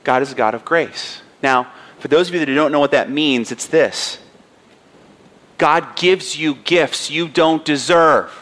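A pastor in his thirties delivers an earnest, emphatic sermon in a notably high voice. He leans into points with personal stories and plain conviction. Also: unhurried, a bit bright.

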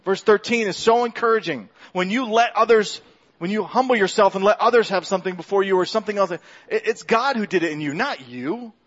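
A man's voice: high voice, a little fast, a bit bright, highs cut off. A man preaching a sermon in a church, talking in a loose conversational way with restarts and self-deprecating asides. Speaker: pastor. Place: church sanctuary.

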